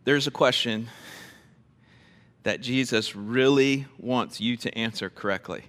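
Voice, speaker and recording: A man's voice: medium pitch, measured pace, a bit bright, in a large hall. A man preaching a sermon to a congregation, emphatic and quizzing his listeners with questions. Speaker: pastor. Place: church before a congregation.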